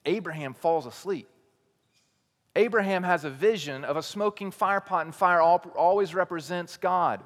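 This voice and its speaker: A teaching pastor delivers a sermon in a big-sounding room, swinging between quiet, low emphasis and loud, raised declarations. He asks many rhetorical questions.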